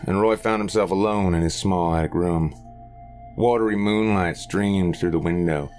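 A man with a very deep, low voice narrating a scripted horror tale. He reads in a measured, grave way over faint music. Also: a little mellow.

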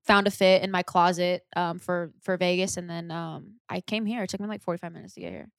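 A woman's voice: fairly low pitch, steady tone, a little fast, gravelly, dry recording, clean studio sound. Bubbly young woman podcast guest. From California. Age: 20s. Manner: bubbly, laughs often, chatty. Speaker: guest, singer. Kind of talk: casual podcast chat.

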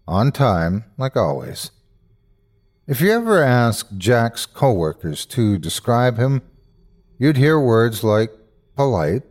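A male host narrating a scary story with dramatic, expressive storytelling. His voice sits low and moves a lot in pitch, rising and falling as he builds tension. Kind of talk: scripted horror story narration.

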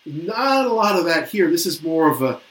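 A man's voice: a little high, big pitch swings, moderate pace, a bit bright. A man co-hosting a casual album review chat, musing and hesitant, often reading lyrics aloud. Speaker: podcast co-host reviewing an album. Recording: roomy echo.

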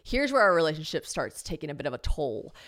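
A woman hosting a podcast, telling a story in a casual, animated and dramatic way, speaking straight to her listeners with many fillers and restarts. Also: low voice, quick pace. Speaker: podcast host.

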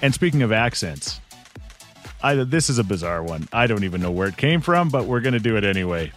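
A man hosting a radio show in casual banter, animated and laughing often. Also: fairly low pitch, fairly quick, faint music behind.

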